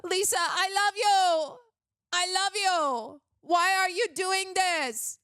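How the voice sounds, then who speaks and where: A woman's voice: very high voice, slow pace, pushed and bright, no echo, clean studio sound, voice pushed up, exaggerated voice. A woman imitating a brooding, melodramatic man who speaks in a stiff, overwrought way. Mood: pleading. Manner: overwrought yet stiff delivery.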